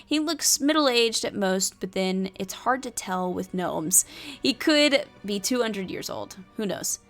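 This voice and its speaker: A woman's voice: mid-range voice, animated, a little slow, fairly bright tone, faint music behind. A woman reading and playing through a solo tabletop adventure, chatting and thinking aloud between passages. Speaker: solo player and narrator.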